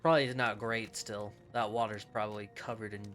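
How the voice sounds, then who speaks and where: A man's voice: on the low side, fairly even intonation, fairly quick. Casual male streamer, chatty and giggly, faint game music behind. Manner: chatty, laughing, swears casually. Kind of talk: casual gameplay commentary.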